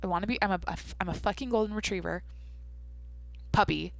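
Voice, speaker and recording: A woman's voice: mid-range voice, fast talker, creaky, no room sound. A young adult woman hosting a casual solo podcast, rambling and swearing casually as she talks to herself. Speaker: podcast host.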